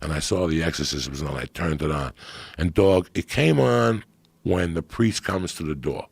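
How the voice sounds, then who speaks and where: A man on a podcast, telling a story in a profane, animated way that swings from hushed and low to loud and excited. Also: normal speed, creaky, breathy edge, no room sound. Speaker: podcast guest.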